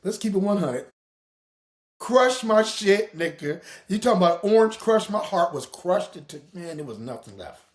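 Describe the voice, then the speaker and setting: A man's voice: high-pitched, big pitch swings, normal speed. A man telling a personal story as a podcast host, profane and dramatic. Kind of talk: casual storytelling monologue.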